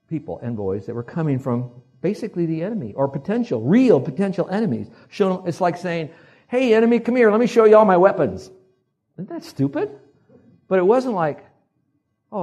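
Older man, husky, preaching, animated delivery with acted quotes. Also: medium pitch. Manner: animated, acts out quoted voices, asks the congregation to repeat. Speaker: pastor. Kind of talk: sermon.

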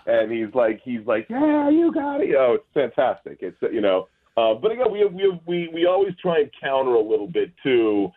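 A man's voice: medium pitch, very animated, moderate pace, few pauses. A male guest on a phone interview, talking in a rambling, hesitant way with many restarts. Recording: tinny phone line.

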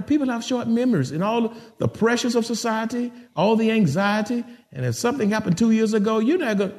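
Male pastor, middle-aged, high lively voice, folksy sermon delivery to his flock. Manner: animated preaching, folksy asides to the congregation.

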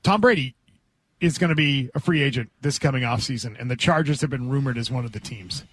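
A man's voice: medium pitch, fairly quick, husky. A man hosting a sports talk radio show, reading out quotes and then arguing his point. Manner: reads quotes aloud, then argues a point.

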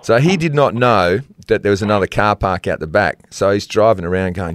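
A man's voice: on the low side, a little fast, hardly any pauses. Rambling Australian man telling stories. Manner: rambling anecdotal storyteller, chuckles often. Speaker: co-host of a football podcast. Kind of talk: casual sports chat.

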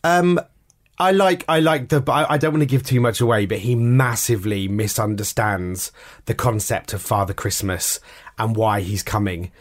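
A man's voice: fairly low pitch, fairly even intonation, moderate pace. An English man, a children's author, chatting in an interview, laughing often and restarting sentences. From England. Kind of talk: casual interview chat.

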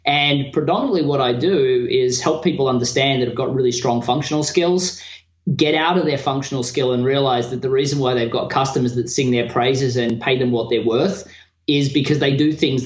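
Australian male guest coach, energetic and animated, echoey muffled remote audio. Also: mid-range voice. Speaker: podcast guest, business coach. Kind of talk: casual interview talk. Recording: echoey, dull remote line.

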